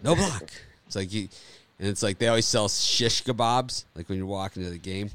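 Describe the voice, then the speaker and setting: A man with a fairly low voice hosts a loose sports betting chat. He rambles and repeats himself with easy enthusiasm. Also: steady tone, fairly quick, fairly bright tone, clean tone, dry recording. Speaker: sports betting show host. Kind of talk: casual sports chat and storytelling.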